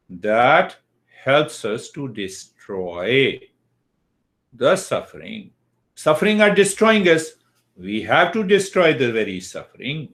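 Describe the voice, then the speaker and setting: A man's voice: medium pitch, a bit bright. An older man teaching a yoga philosophy lesson, who asks questions and answers them himself. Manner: slow and deliberate, asks and answers his own questions.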